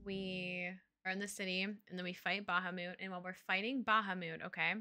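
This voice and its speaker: A young adult woman streamer giving an excited, rambling casual recap of a game. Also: fairly low pitch, a little fast, slight background noise. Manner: excited, rambling retelling with fillers. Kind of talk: casual let's-play recap. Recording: stream with game music behind.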